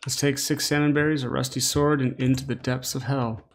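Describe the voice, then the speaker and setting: A tired man talks over a relaxed video game playthrough as the host. He is sassy and rambling, with joking asides, and his voice sits at an average pitch. Faint noise is heard behind him. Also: fairly quick. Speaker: let's play host. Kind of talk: relaxed gameplay commentary.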